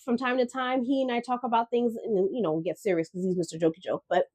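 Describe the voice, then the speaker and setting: A woman co-hosting a casual chat podcast, speaking with a slightly high pitch. She talks reflectively and haltingly, stopping to restart her thoughts. The sound is close and dry. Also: fairly even intonation, darkish tone, no room sound. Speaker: podcast co-host.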